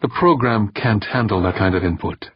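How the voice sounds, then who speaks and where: A man voicing a tense, gruff male mission controller in an audiobook, speaking through gritted teeth. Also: fairly low pitch, normal speed, dry recording, lo-fi sound. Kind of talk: audiobook character reading.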